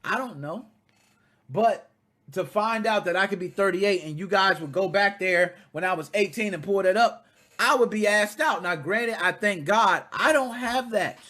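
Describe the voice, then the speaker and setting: A man in his thirties hosting a casual video game podcast, talking freely with swearing and sudden loud outbursts between quieter asides. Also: high-pitched, moderate pace. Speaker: podcast host.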